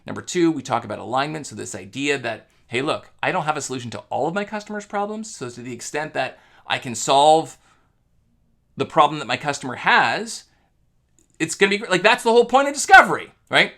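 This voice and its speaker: Lively, gravelly-voiced male sales coach. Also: fairly high pitch, fairly quick. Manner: energetic, conversational, many fillers. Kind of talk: casual talk to camera.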